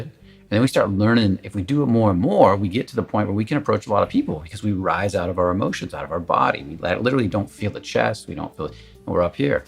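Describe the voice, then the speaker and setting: Deep, husky male coaching voice. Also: expressive, fast talker, faint music behind. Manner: candid, emphatic, conversational, swears at times. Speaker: confidence coach. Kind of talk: casual coaching talk to camera.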